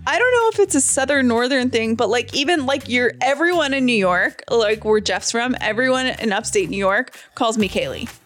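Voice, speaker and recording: A woman co-hosting a casual podcast, teasing and animated, with many fillers. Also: fairly high pitch, moderate pace, few pauses, soft background music. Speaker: podcast co-host. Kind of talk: casual chat.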